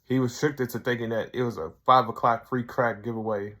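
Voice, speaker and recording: A man's voice: medium pitch, steady tone, fairly quick, pushed and bright. A man hosting his own video review channel, walking through a comedy episode in a loose, chatty way. He fills his retelling with "like" and "he's like" and keeps an everyday speaking voice. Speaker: show reviewer, channel host.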